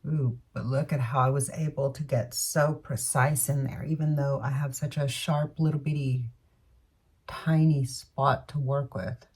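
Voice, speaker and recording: A woman's voice: extremely low pitch, steady tone, measured pace, a little mellow, slightly rough, recorded from a distance. A woman beauty vlogger talking casually through her makeup routine, rambling and correcting herself with murmured asides. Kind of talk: casual makeup tutorial chat.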